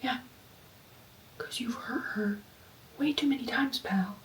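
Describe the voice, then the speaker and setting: A woman's voice: fairly high pitch, slow, a little hiss or hum, poor audio. A young woman vlogger whispering her gasping, gushing reactions to a book late at night before bed. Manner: gasping, gushing, says like a lot.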